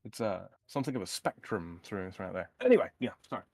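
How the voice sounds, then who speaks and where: A man's voice: lowish voice, animated, fast, vocal fry, a little mellow, dry recording. A man in casual chat, wry and playful, with dry jokes and asides. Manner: wry, playful, drops into mock accents.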